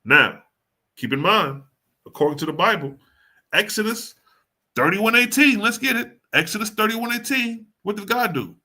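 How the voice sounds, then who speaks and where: A man with a bright, forceful voice that sits a little high for a man. He reads religious passages aloud and then breaks them down in loose, slangy street talk, pressing each point with emphasis. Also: expressive, normal speed. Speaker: scripture teacher. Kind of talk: casual scripture commentary.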